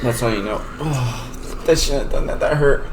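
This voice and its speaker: A woman's voice: a bass voice, unhurried. A young woman vlogger chatting casually and teasing her sister, sounding playful and full. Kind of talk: casual chat. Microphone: desktop USB mic. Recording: noisy laptop recording.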